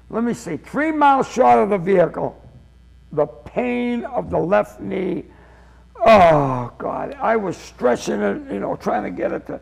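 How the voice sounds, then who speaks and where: A seventy-year-old comedian spins a lively anecdote. His voice is high, gravelly and husky. He acts out the voices of the people in his story as he goes. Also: poor audio. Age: 70s.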